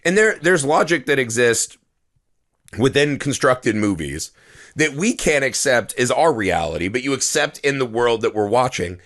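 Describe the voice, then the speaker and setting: Podcast co-host, male, foul-mouthed ranter, lively up-and-down delivery. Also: medium pitch, moderate pace. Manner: profane, ranting, animated. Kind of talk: casual movie review chat.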